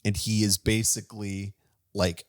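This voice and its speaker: A man hosting a casual movie review chat, excitedly recapping a plot with lots of fillers and restarts. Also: fairly low pitch, unhurried. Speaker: movie review podcast host.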